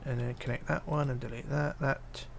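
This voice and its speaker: Gravelly-voiced man chatting on a stream. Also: medium pitch, flat delivery, normal speed, a little hiss or hum. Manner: reads viewer comments aloud, hesitant with fillers, mutters while counting. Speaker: livestreamer. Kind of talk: casual live stream chat while building.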